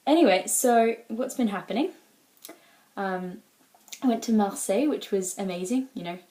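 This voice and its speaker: An exchange student with an Australian accent vlogs casually to the camera, rambling along with plenty of "like" and "um." Her medium-pitched voice is animated and mellow, at a moderate pace.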